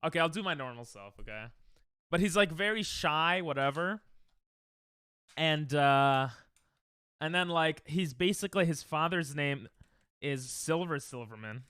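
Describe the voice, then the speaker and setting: A man's voice: a little high, animated, measured pace, pauses often, pushed and bright, smooth, dry recording, clean studio sound. A man rambling and joking in casual livestream chat, often cutting himself off mid-sentence. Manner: rambling, self-interrupting, joking. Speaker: streamer.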